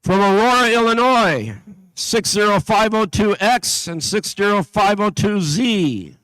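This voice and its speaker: Event announcer, male, high voice, dry close sound, reads team lists steadily with the odd slip. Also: expressive, a little slow, fairly bright tone, clear, resonant tone, no room sound, poor audio. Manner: reads a list steadily, with small slips and asides. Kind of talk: announcing teams at a competition. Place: event venue.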